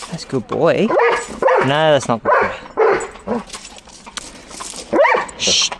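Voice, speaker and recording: The man's voice sits on the high side, sing-song and creaky, moving extremely slowly with frequent pauses. He's a vlogger rambling to his handheld camera during a casual roadside dog walk, coaxing the dog now and then. The recording is noisy, full of outdoor sounds and the dog.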